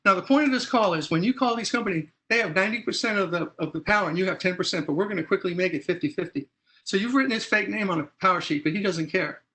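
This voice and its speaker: A middle-aged man leads an animated talk on consumer rights and plays out phone calls line by line. His voice sits a little high and rings bright and forceful. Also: quick pace. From Texas. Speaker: consumer advocate columnist. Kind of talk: presentation.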